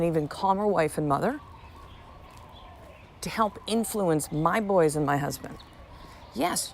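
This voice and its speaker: A woman's voice: lowish voice, a little hiss or hum. A woman in her thirties hosting a solo podcast in a casual monologue, blunt and profane, telling stories with lots of animation. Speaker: podcast host.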